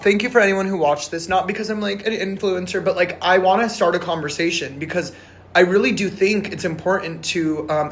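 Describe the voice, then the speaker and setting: A man's voice: high-pitched, fairly bright tone, slight background noise. Male vlogger, passionate off-the-cuff rant, swears freely, restless and emphatic. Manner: rambling, emphatic, swears a lot; passionate, frustrated. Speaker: vlogger reviewing a film. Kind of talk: casual monologue to camera.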